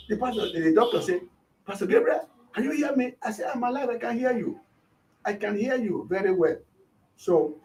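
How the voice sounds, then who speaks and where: A man, a pastor, retelling a shooting and acting out the shouts of the people around him. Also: high-pitched, distant mic. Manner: animated, acts out shouts of others. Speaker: pastor, interview guest.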